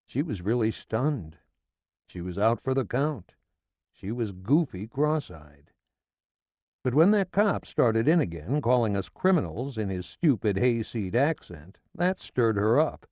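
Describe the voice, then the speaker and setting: A man's voice: mid-range voice, big pitch swings, measured pace, a little mellow, dry recording. A man narrating a novel in the first person, with a sardonic, coarse-edged delivery. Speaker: audiobook narrator. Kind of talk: scripted literary narration.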